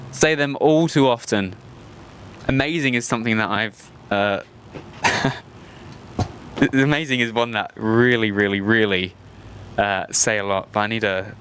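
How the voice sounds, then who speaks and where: A man's voice: lowish voice, unhurried, pauses often, fairly bright tone, slight background noise. Rambling, laughing Australian man host. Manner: rambling and self-mocking, often laughing. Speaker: host of a live plane-spotting stream. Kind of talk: casual live-stream chat. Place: outdoors at an airport.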